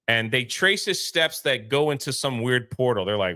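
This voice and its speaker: Lively bright-voiced man recapping a movie. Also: mid-range voice, normal speed, few pauses, dry recording, studio quality. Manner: animated plot recapping, acting out characters' lines. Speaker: movie review co-host. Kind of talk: casual live movie review chat.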